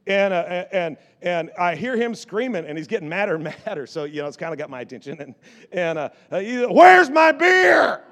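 A male pastor telling a story in his sermon. He is animated and often repeats words and restarts his sentences. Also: on the high side, a little fast.

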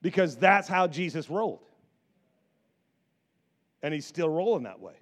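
A middle-aged man preaching a sermon as pastor, animated, often repeating words and acting out quotes from scripture. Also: on the high side, measured pace.

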